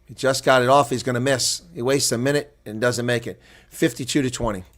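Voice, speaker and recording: A man doing live play-by-play and reaction for a rugby match, who builds to shouting on big plays, then drops to relaxed, chatty talk and replies to viewer chat. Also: medium pitch, brisk. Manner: reads out and answers viewer chat.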